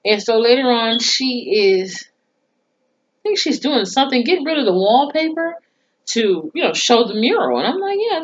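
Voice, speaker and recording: A woman's voice: a little high, fairly bright tone. A woman reviewing a TV episode in a casual recap, blunt and profane, often laughing as she talks. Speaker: TV show reviewer. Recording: dull lo-fi sound.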